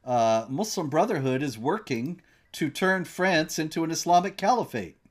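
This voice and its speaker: A man hosting a casual political chat in a conversational, sardonic way, with halting restarts. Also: fairly high pitch, expressive. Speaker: host.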